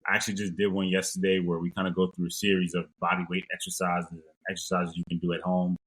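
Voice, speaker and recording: Low, husky-voiced young man. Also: fast, poor audio. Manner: relaxed, thoughtful, with many fillers. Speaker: strength and conditioning coach. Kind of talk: casual interview answers.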